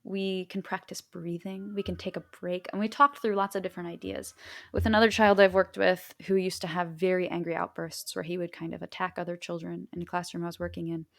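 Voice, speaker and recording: A woman hosting a livestream, patiently recounting a story in a gentle, soothing way. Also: on the low side, flat delivery, quick pace, vocal fry. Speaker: livestream host. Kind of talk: casual livestream talk. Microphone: livestream microphone.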